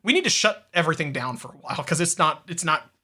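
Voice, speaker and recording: Podcast co-host, male, high bright voice, loose profane rambling banter. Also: sing-song, quick pace, husky. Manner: rambling, swears a lot, breaks into laughter. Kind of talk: casual chat.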